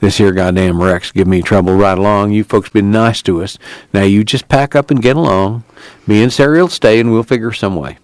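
A man's voice: fairly low pitch, normal speed, darkish tone, no echo, close to an everyday voice. A man voicing a humble male traveler who apologizes. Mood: apologetic.

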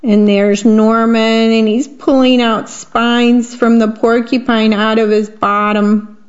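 Slow woman reading picture books aloud. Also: fairly high pitch, level tone. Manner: describes the illustrations between lines. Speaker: reader. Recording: dull lo-fi recording.

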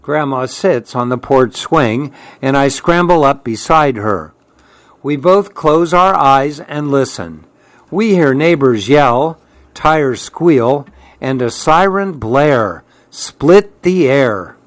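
A man reading a children's storybook aloud in a calm, unhurried way. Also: medium pitch, no echo. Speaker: storybook reader.

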